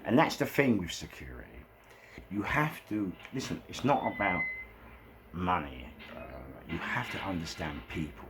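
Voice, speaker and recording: A middle-aged man with a London accent telling a nightclub security story, animated, laughing often and swearing freely. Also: low voice, moderate pace, very noisy. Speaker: former nightclub security boss. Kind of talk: storytelling anecdote. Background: background music.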